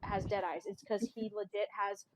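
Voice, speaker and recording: A woman's voice: mid-range voice, fairly even intonation, moderate pace. Chatty woman running a tabletop game. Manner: chatty, casual narration with fillers. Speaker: game master.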